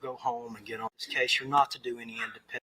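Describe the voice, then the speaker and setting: A man's voice: medium pitch, level tone, quick pace, pushed and bright, breathy edge, poor audio. A man presiding as judge, giving plain, folksy instructions to the jury and the lawyers. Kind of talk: courtroom instructions.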